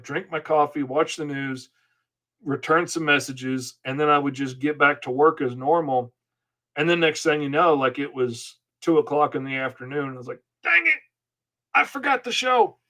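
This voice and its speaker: While working through a live comic-inking lesson, a man with a mid-range, slightly bright voice chats casually with his stream. He answers viewers and rambles, often poking fun at himself.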